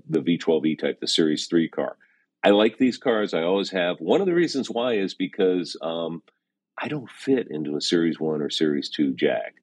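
A man's voice: sits low, no echo. A middle-aged man, a classic car valuation expert, chatting casually and hesitantly with lots of fillers and some wry teasing. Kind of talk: casual conversational chat.

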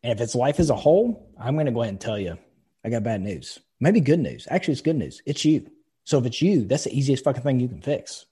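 A man's voice: medium pitch, very animated, fast, dark tone, husky. A man co-hosting a podcast, swearing freely and telling blunt personal stories in casual chat. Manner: blunt, profane, storytelling. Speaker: podcast co-host.

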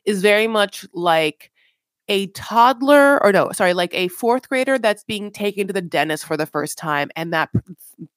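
A woman's voice: mid-range voice, animated, normal speed, dry recording, studio quality. A woman co-hosting a casual podcast recapping a reality TV show, teasing and sarcastic with mock-dramatic asides. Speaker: podcast co-host.

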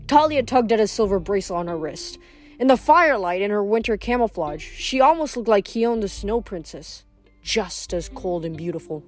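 A woman reading chapters of a novel aloud in a steady storytelling narration. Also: medium pitch, normal speed, soft background music. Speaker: reader.

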